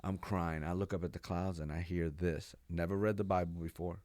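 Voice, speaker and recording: A man in his forties, a pastor from New York, telling his life story as a podcast guest in an animated, casual way with slang. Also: sits low, fairly quick, no room sound. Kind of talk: personal testimony in a podcast interview.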